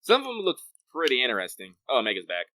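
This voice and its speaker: Fast and forceful, a man co-hosting a podcast rambles about games, swearing often and stuffing his talk with fillers. His medium-pitched voice is bright and swoops wildly. The desk microphone picks up slight background noise.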